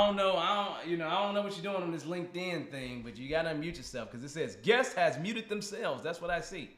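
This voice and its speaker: A man with a somewhat high, slightly bright voice hosts a casual live stream, joking, teasing and laughing often with a guest on a video call. The recording has a roomy echo.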